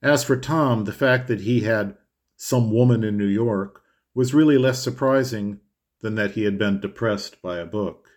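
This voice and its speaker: A man narrating a classic novel in a measured, expressive way. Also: on the low side. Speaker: audiobook narrator. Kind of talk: scripted literary narration.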